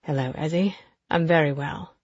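A woman voicing a reserved, authoritative man with a deep, stern voice. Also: moderate pace, breathy edge, dry recording, dull audio. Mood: calm.

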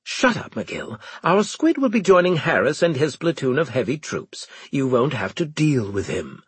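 Curt barking officer, pitched up, snappy, a man playing him. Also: very animated, normal speed, slightly rough, no room sound, full character voice. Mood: snappish. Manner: barking, clipped orders.

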